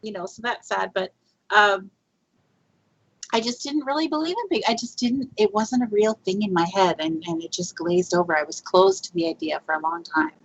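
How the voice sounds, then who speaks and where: A woman's voice: medium pitch, moderate pace, breathy edge. A woman guest telling a Bigfoot research story in a rambling, chatty way, with fillers and laughs. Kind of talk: casual storytelling in a podcast interview. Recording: lo-fi muffled audio.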